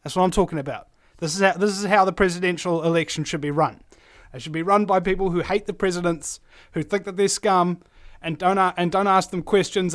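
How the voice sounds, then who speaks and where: A man's voice: sits high, a bit bright. A man hosting a call-in radio show and ranting sarcastically, with frequent mild swearing. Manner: irreverent, sarcastic, swears freely. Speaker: radio host. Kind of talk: casual opinion rant.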